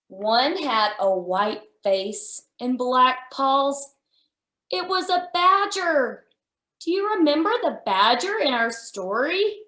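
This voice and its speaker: Woman, children's read-aloud, gasping wonder, unhurried delivery, reverberant room. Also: high voice. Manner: animated and wondering, with frequent gasps, speaking to a child audience. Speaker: children's story time reader. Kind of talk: reading a picture book aloud to young children. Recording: echoey room.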